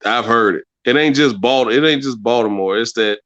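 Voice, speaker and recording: A man co-hosting a casual sports talk show in a relaxed way, often repeating and restarting his phrases. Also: medium pitch, moderate pace, no echo, lo-fi sound. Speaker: podcast co-host.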